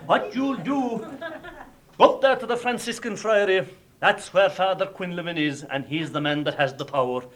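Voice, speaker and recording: A man with an Irish accent playing a knowing countryman from Tipperary who speaks low and confidingly. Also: moderate pace, a bit bright. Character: gruff middle-aged man from Tipperary, knowing.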